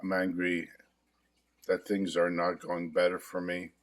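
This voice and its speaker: A middle-aged man guiding a self-help tapping session, speaking in a calm, confessional way with repeated affirmations. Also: low voice, unhurried. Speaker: hypnotherapist demonstrating tapping. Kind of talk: guided self-help demonstration.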